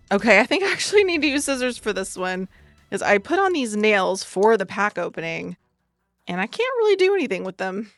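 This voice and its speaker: A woman's voice: mid-range voice, very animated, no room sound, faint music behind. Bubbly woman reading card text. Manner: bubbly, gasping and laughing, reading card text aloud quickly. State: slight cold. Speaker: card-opening content creator. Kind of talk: excited pack-opening vlog.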